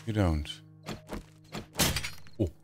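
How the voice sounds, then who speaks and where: Over loud music, a man with a deep voice speaks very slowly, casually commenting on his own survival game in a language other than English. A gaming channel host, he chats to the zombies and grumbles at them in mock annoyance.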